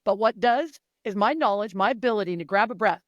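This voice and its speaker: A woman who coaches mindset and performance speaks as an interview guest, emphatic and animated, swearing freely and imitating the athletes she works with. Her mid-range voice is brisk, and the dry recording has its highs cut off.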